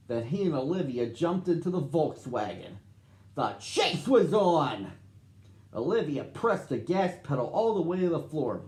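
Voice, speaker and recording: Brief: animated man reading to children, roomy echo. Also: on the high side, measured pace. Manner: expressive, addressing children. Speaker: storyteller for children. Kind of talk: storybook reading.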